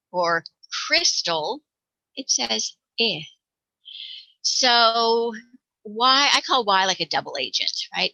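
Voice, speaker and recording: A woman presenting a phonics lesson for parents, encouraging and demonstrating each sound out loud. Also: mid-range voice, no echo, poor audio. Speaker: teacher presenting a parent workshop.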